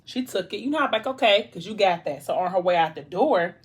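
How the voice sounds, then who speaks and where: A young adult woman vlogger casually retelling a story while eating, animated and chatty, with asides to her viewers. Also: mid-range voice, fairly quick, breathy edge.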